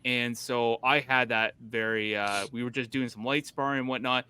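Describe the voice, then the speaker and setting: A man's voice: medium pitch, steady tone, normal speed, sharp tone, clean tone. A man hosting a casual podcast chat, telling a rambling story full of restarts. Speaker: podcast host.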